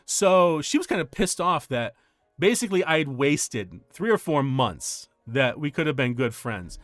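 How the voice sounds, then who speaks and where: Animated male streamer telling a story. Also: on the high side, unhurried, dry recording, faint music behind. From United States. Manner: animated, laughs often, acts out quoted voices. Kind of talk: casual storytelling chat.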